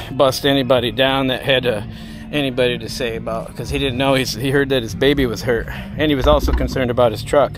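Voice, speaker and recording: Rambling, foul-mouthed storytime guy. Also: mid-range voice. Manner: rambling, heavily profane. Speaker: vlogger. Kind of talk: casual storytime.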